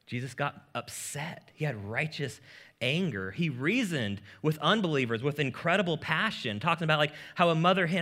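A man preaching a sermon as pastor, in a casual, joking manner with lively asides. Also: on the high side, normal speed.

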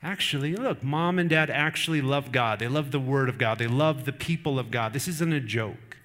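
A man's voice: mid-range voice, moderate pace, fairly bright tone. A middle-aged man preaching a sermon, earnest and conversational, with personal stories. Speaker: pastor.

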